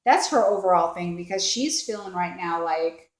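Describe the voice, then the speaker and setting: In a roomy, echoing space, a tarot reader with a lowish voice talks at a normal speed. Her casual reading wanders with many fillers as she performs the quoted thoughts of the card's people.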